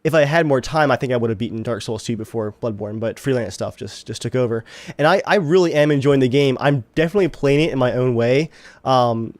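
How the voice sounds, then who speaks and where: A man's voice: medium pitch, quick pace, darkish tone, dry recording. A man co-hosting a gaming podcast, talking in an easygoing, self-deprecating way. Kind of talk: casual podcast chat.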